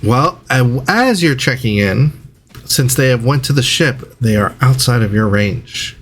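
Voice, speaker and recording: Unhurried male game master narrating. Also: mid-range voice, lively intonation, a bit bright, slightly rough. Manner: measured, descriptive narration.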